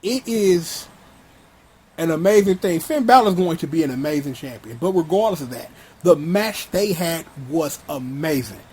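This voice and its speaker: A wrestling commentator vlogger with a high, husky voice rants casually and bluntly at a moderate pace. Full of slang and swagger, he riffs to his viewers in an animated, opinionated way.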